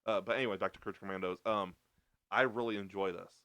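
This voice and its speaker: Low-voiced man in laid-back podcast chat. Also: steady tone, fast talker, pushed and bright, no room sound. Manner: easygoing, heavy use of "like" and "uh". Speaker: podcast co-host. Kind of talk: casual chat reviewing a show.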